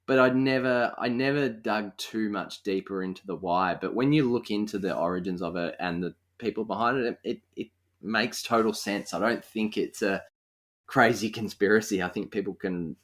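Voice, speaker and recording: Deep-voiced Australian man hosting. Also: moderate pace, fairly bright tone. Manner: thoughtful, conversational, many fillers. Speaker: podcast host. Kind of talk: casual interview conversation.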